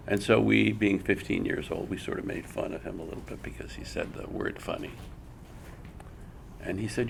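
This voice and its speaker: A man's voice: on the low side, moderate pace, creaky, a little hiss or hum. An older man giving a live art workshop, an emphatic storyteller who repeats words as he talks. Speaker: comic art teacher. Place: school room with audience.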